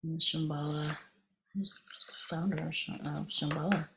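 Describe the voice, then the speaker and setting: A woman teacher gives a dharma talk in a relaxed, meandering way, often circling back and restarting her sentences. Her voice sits low and carries a gravelly fry. She speaks as if telling a story to a room of students. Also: unhurried. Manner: conversational, meandering, with frequent restarts. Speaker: meditation teacher.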